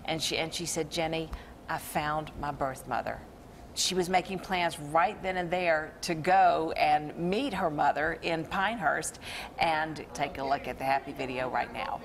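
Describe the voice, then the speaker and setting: A woman's voice: low-pitched, normal speed, slight background noise. A woman hosting a television talk show, interviewing a guest and leading viewers through a story.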